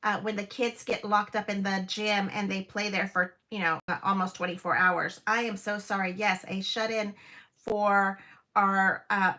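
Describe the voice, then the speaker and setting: Her pitch is medium and her tone sharp, delivered flatly at a moderate pace. She's a woman in her fifties chatting casually on a home crafting livestream, gushing over each creation with frequent exclamations and many fillers.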